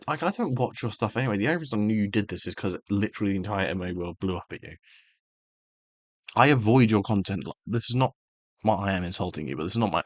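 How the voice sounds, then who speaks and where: A man's voice: on the low side, no echo. A man delivering a heated, sweary opinion rant as a karate channel host, emphatic throughout.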